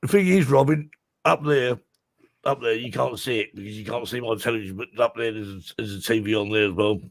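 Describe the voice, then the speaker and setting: A man's voice: medium pitch, a little fast, vocal fry, no echo. A man hosting a casual live stream from home, joking and greeting viewers by name one after another. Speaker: livestream host.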